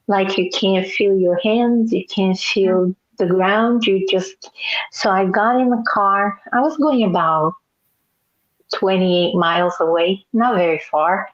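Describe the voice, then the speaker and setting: A woman speaking in a mid-range voice, telling a story with lots of feeling and laughing along the way. The sound is dull and lo-fi, like audio from a video call. The talk is a loose, casual chat. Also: medium pitch. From Nebraska, US. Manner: storytelling, animated, laughing often.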